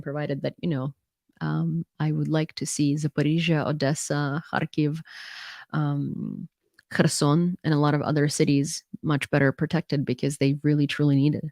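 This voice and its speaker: A woman's voice: low voice, no room sound, clean studio sound. A woman from Ukraine, reading out news reports and adding candid, chatty comments of her own. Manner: candid, chatty asides between read-out reports.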